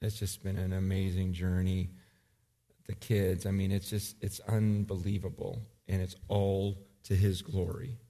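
A man in his forties preaching a sermon, acting out emotional scenes, then turning quiet and earnest. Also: deep voice, monotone, unhurried, long reverb tail. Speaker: pastor.

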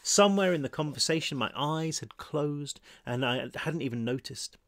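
A man reading his own novel aloud in first person, steady and measured. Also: a little high, no echo, studio quality. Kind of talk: first-person audiobook narration.

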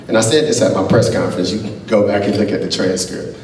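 A man, a college basketball coach, giving a keynote speech at a gala, telling animated stories and acting out the dialogue. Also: on the low side, quick pace, a little hiss or hum. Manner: animated storyteller who acts out quoted dialogue. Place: large gala banquet hall. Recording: echoey hall picked up from a distance.

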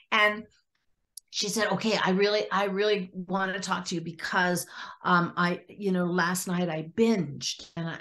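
A woman speaking as a guest psychologist on a podcast, at a middle pitch. She tells stories about clients and slips into their voices when she quotes them. The delivery is conversational and animated. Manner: acts out clients' lines in lively quoted voices. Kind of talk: storytelling in a podcast interview.

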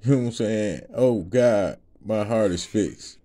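A man speaks casually to a crowd of listeners, telling a personal testimony. His voice is mellow and relaxed, and he breaks into laughter often. He rambles in slang and keeps asking "you know what I'm saying". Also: on the low side, measured pace. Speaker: ministry speaker.

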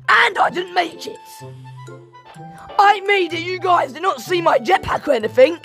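A woman commentating her gameplay in a high, gravelly voice, taking her time between bursts of shouting. She flips between excited yelps and mock-formal asides, with faint music behind her. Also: a little slow. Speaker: gaming channel host. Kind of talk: let's play game commentary.

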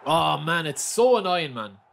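A man's voice: on the high side, very animated, measured pace, creaky, a bit bright, slight background noise. A man with an Irish accent commenting live on a stream while opening player packs, repeating his exclamations and calling his viewers lads. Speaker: game streamer.

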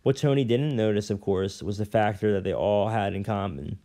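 A man reading a novel aloud at an unhurried pace, now and then stumbling and correcting himself. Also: fairly low pitch, gravelly, mellow. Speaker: reader.

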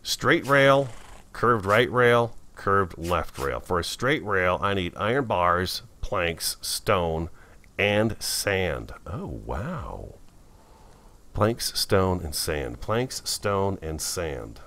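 Low-voiced man chatting through gameplay. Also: animated, slow, pushed and bright. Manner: chatty, easily startled, talks to himself. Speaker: gameplay video host. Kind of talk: casual gameplay commentary.

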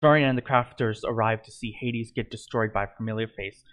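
A man's voice: fairly low pitch, steady tone, fairly quick, fairly bright tone. A man reading a fan-written adventure story aloud in an amateur way, stumbling and correcting himself. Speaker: narrator.

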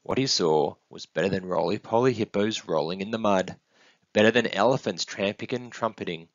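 A man reading a picture book aloud in an expressive, sing-song storytelling manner. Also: lowish voice, normal speed, no echo. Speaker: storybook reader. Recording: dull, dry close recording.

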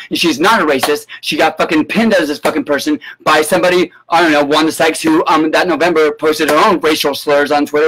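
A man's voice: a little high, fairly bright tone, slight background noise, poor audio. Profane, sarcastic ranting man. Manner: profane, sarcastic and indignant, with sudden yelps. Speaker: political commentator. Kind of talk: ranting live-stream commentary.

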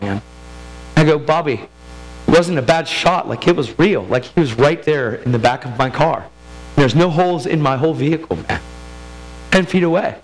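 Guy preaching his own story, kinda high voice, super casual, soft music under it. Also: rough recording. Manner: casual storytelling, acting out quoted friends. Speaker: preacher giving testimony. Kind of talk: sermon testimony.

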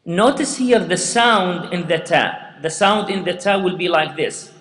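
A man's voice: high-pitched, measured pace, fairly bright tone. A man teaching Quran recitation, patiently repeating sounds and words for students to say after him. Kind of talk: slow step-by-step tajweed lesson with recitation. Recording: echoey room with long reverb.

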